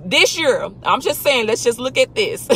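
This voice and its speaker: A woman's voice: fairly high pitch, sing-song, moderate pace, fairly bright tone, husky. A woman hosting a casual faith talk, emphatic and full of rhetorical questions. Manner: emphatic, rhetorical questions, talks back to imagined people. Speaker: host.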